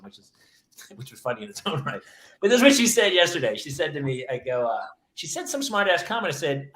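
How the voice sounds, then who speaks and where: A man's voice: medium pitch, fairly bright tone. A man in his fifties hosting a casual talk show, cracking wry jokes and laughing as he talks. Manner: joking, wry punchlines, laughs while talking. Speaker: podcast host. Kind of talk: casual chat. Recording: roomy echo.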